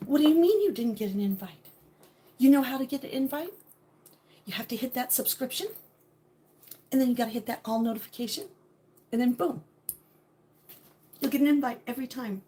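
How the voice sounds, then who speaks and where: A middle-aged woman chatting casually with viewers on a home livestream, laughing often and sometimes dropping to a hushed voice. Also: fairly high pitch, animated, moderate pace, long pauses, slightly rough. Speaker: livestream host.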